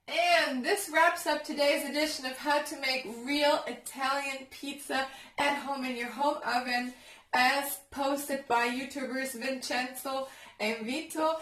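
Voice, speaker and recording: A chatty woman from Germany films herself cooking at home in her kitchen. Her voice sits a little high, and she talks straight to the viewer with bursts of excitement. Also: measured pace, rough recording. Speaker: home cook vlogger. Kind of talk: casual cooking vlog.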